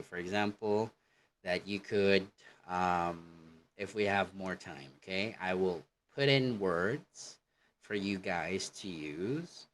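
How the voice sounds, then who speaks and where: Male English teacher, deep voice, unhurried delivery, lots of check-ins. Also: fairly bright tone, a little hiss or hum. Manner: slow and deliberate, keeps checking with "okay?". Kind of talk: online English lesson.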